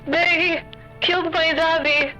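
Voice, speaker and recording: A terrified small child in a horror game, pleading in high, halting bursts, as a woman plays the kid. Bright, thin tone over a dull, lo-fi stream mix. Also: fairly even intonation, faint music behind, full character voice. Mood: scared. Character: frightened young child fleeing a fire.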